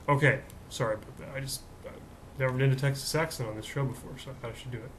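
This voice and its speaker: A young man in his twenties hosts a comedic monologue, rambling and poking fun at himself. His voice sits in a middle pitch. A faint low rumble hangs in the background. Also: steady tone, fast talker, low-quality recording. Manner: rambling, jokey and self-mocking. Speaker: host.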